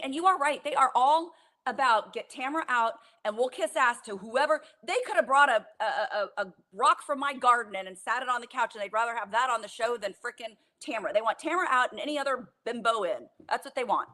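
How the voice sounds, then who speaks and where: A woman co-hosting casual reality TV commentary, exasperated and animated, laughing often as she vents. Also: high-pitched, fairly quick. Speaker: co-host.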